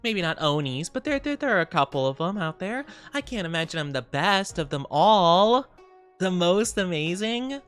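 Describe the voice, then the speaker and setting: A young VTuber streamer chats casually with her live viewers, playful and bubbly though a bit sleepy, quick to thank them and tease back. Her low-leaning voice has big pitch swings and a clean tone. Faint music plays behind her.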